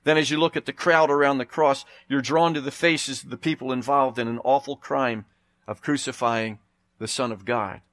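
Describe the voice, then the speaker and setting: A man preaching a sermon outdoors, reading scripture with slow, rising emphasis. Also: mid-range voice, fairly even intonation, fairly bright tone, no room sound. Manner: emphatic, slows and rises to stress scripture.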